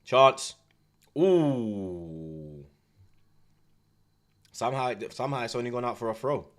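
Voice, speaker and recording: A man, hosting a live football watchalong, chatting in heavy street slang with the viewers and shouting at big chances. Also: medium pitch, animated, slow pace.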